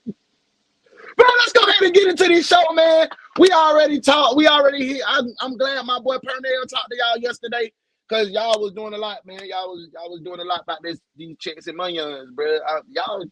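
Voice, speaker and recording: A man's voice: extremely high pitch, moderate pace, pushed and bright, no echo, rough recording. A young man with a Southern US accent, hosting a casual livestream in a loose, joking, slangy way and greeting viewers by name. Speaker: livestream host.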